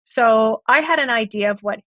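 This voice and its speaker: A woman's voice: fairly high pitch, moderate pace, fairly bright tone, dry recording. A woman guest on a podcast, retelling a past relationship and acting out both sides of the conversations. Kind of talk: storytelling in a podcast interview.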